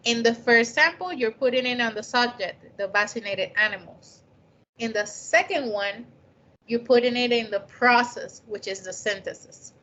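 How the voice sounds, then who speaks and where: A woman's voice: fairly high pitch, a bit bright. Woman teaching a writing class, not a native english speaker, keeps asking "right?", muffled recording. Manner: conversational, frequent "right?" check-ins. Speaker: lecturer. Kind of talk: lecture on scientific writing. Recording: dull lo-fi recording.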